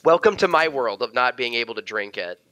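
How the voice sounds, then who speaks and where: Lively, bright-voiced American man. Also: medium pitch, no room sound. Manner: joking, quick to quip and ask questions. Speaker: co-host of a watch-along. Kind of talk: casual chat reacting to a TV episode.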